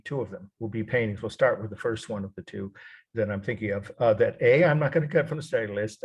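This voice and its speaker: A man's voice: on the low side, slightly rough. A middle-aged man teaching a college art history lecture, rambling and correcting himself as he goes, spelling names out letter by letter.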